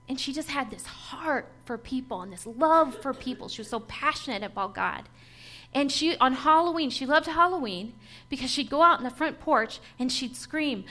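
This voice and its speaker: A woman's voice: sits high, expressive, moderate pace, pushed and bright. A woman giving a personal testimony sermon to a church gathering, telling her story earnestly and with feeling, breaking into light laughs.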